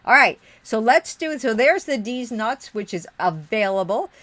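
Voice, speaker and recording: A middle-aged woman with a Western New York accent carrying Midwestern touches talks at a measured pace in an animated voice on the high side, slightly bright, in a dry recording. She's crafting live and chatting casually with her viewers, rambling and muttering as she looks for things.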